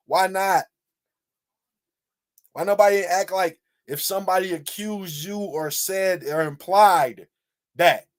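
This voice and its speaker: A man from Michigan giving casual, animated reaction commentary, firing off repeated rhetorical questions and swearing freely. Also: sits high. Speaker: video commentator.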